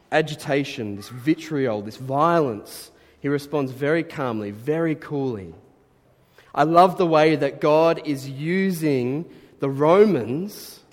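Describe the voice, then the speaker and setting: A man's voice: medium pitch, a little mellow, long reverb tail. A man preaching a sermon as a pastor, conversational and earnest, building to emphatic bursts.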